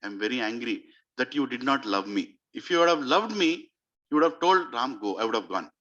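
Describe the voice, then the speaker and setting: A gentle young prince speaks low and soft, reproachful yet calm, as a male preacher puts him on. The voice drops well below the speaker's usual pitch, quiet and steady, on a dull, lo-fi recording. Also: brisk. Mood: hurt, reproachful. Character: gentle, hurt young prince pleading with his stepmother.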